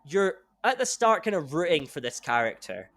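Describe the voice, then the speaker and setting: Brief: young male podcast host, rambling, excitable, sweary, voice on the higher side. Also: normal speed. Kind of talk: casual chat.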